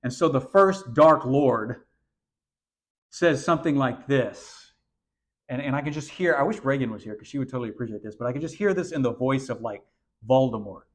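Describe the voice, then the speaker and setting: A man preaching an animated sermon to young people, often repeating words as he goes. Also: mid-range voice, normal speed.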